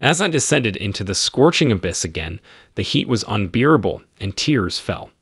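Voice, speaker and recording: A man narrates in a low, slightly husky voice, his pitch rising and falling with real movement. He sounds close and dry, no room around him. His telling stays earnest and solemn throughout. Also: very animated, moderate pace, fairly bright tone, no echo. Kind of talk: scripted spiritual narration.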